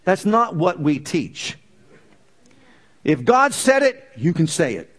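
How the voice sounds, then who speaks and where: A male preacher with a slightly high voice delivering a sermon. He drives his points home by repeating phrases, growing louder and more insistent as he goes. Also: big pitch swings, slow, long pauses. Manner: emphatic, repeating phrases with rising intensity.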